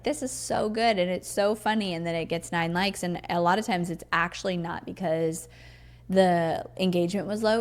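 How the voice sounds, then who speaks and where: A woman hosting her podcast, riffing off the cuff in an emphatic, chatty teaching tone full of "like" and "you know". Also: on the low side. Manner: chatty, riffs off the cuff with many likes and you-knows. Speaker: podcast host. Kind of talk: casual solo podcast talk.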